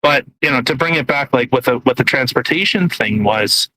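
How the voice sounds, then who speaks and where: A man's voice: medium pitch, normal speed, background noise. A man co-hosting a podcast, rambling through casual political chat with lots of fillers, restarts and blunt swearing. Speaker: podcast co-host. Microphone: podcast mic, eating while talking.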